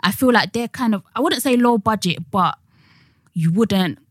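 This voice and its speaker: A woman's voice: mid-range voice, normal speed, dry recording, clean studio sound. A young woman co-hosting a podcast, chatting casually with slang and restarts. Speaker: podcast co-host. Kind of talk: casual chat.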